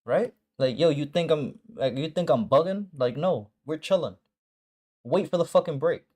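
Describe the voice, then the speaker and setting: A man's voice: fairly high pitch, moderate pace, darkish tone. A man hosting a live trading stream, talking casually and bluntly to viewers, swearing and repeating short phrases for emphasis. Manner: blunt and profane, talks straight to viewers with slang. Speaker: forex trading mentor and stream host.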